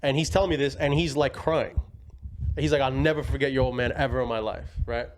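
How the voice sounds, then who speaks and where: A man's voice: medium pitch, fairly even intonation, a little fast, slight background noise. A young man telling family stories in a rambling, slangy way, laughing as he goes. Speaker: guest. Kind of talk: casual storytelling.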